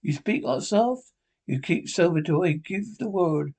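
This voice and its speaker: A man reading aloud and voicing a cunning, boastful old pirate quartermaster in rough sailor dialect. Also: high-pitched, animated, measured pace, a little mellow, exaggerated voice. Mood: scornful.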